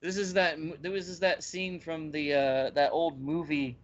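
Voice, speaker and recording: A man with a fairly high voice chats casually as a podcast co-host. He retells scenes with animated, acted-out energy. The audio is dull and slightly lo-fi. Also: a little slow. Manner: animated storyteller acting out scenes. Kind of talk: casual anime chat.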